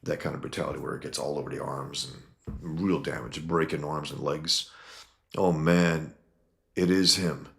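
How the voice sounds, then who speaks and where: A man's voice: extremely low pitch, steady tone, moderate pace, gravelly, fairly bright tone. A man reviewing a comic book in casual video chat, blunt and opinionated, with lots of ums.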